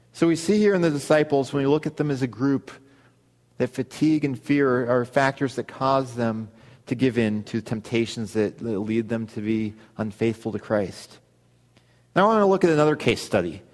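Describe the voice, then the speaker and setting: A man's voice: medium pitch, a little mellow. Earnest male pastor in a reverberant hall. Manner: earnest, reads scripture aloud with pauses. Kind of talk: sermon.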